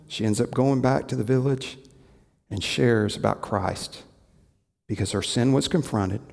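Male pastor, mid-pitched gravelly voice, storytelling sermon, long church reverb. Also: darkish tone. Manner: storytelling, acts out quoted lines. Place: church sanctuary. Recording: echoey church hall.

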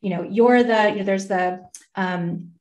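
A woman's voice: mid-range voice, fairly even intonation, a little slow, a little mellow. A middle-aged woman, a hiring consultant, explaining things energetically as a guest in an interview. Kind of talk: interview conversation.

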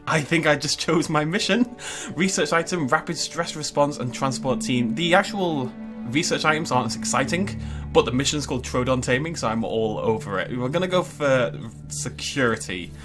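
A man giving chatty, excitable gameplay commentary and thinking aloud as he plays. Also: on the high side, moderate pace, over music. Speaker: gaming YouTuber.

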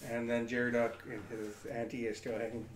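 A man playing a casual tabletop game at home, calmly calling out dice results and actions. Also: mid-range voice, crowd noise. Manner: unhurried, matter-of-fact calling of results. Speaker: tabletop player. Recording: echoey room with chattering children behind.

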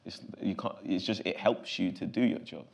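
A man with a London accent, answering interview questions in an animated, loose way full of casual fillers. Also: low-pitched, moderate pace, creaky. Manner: animated, loose, full of fillers like "you know what I'm saying". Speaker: actor guest.

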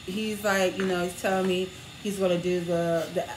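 Lady cohost chatting, lively storyteller, lowish voice, echoey room. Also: normal speed, noisy background. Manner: animated, laughing storyteller who acts out quotes. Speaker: co-host. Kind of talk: casual storytelling chat. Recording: roomy echo.

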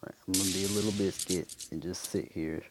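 Slangy young gamer man, low voice. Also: fairly even intonation, fairly quick. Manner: slangy, trash-talking, jokey. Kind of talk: casual gameplay commentary. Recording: noisy game audio behind.

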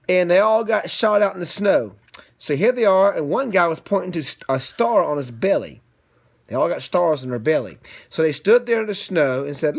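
A man's voice: high voice, expressive, moderate pace, gravelly. A man improvising a picture-book story for his young son, in a playful, chatty way. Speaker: father reading to his son.

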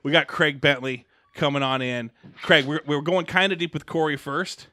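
Male podcast host, slightly high, bright tone, rambling delivery, dry close sound. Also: normal speed, dry recording. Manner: rambling, animated, lots of restarts. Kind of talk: casual chat.

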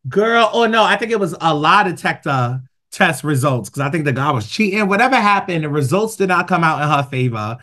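Animated New woman podcast host. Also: brisk. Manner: animated, acts out quotes with big pitch jumps. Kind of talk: casual storytelling chat.

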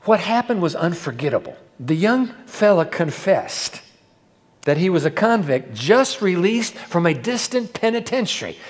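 A male pastor telling a sermon story to a live audience, dramatic and swinging from hushed to loud, with rhetorical questions. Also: high voice, big pitch swings, moderate pace, big-room sound.

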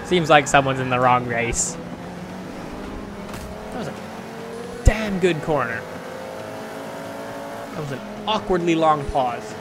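A man commenting on his racing game play in a chatty, self-mocking way, with sudden excited outbursts. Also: on the high side, moderate pace, pauses often, background noise. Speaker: gaming channel host.

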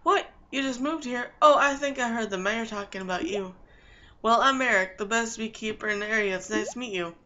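A woman's voice: fairly high pitch, fairly quick, pushed and bright, lo-fi sound. A woman voicing a cheerful male beekeeper who talks with upbeat sales patter.

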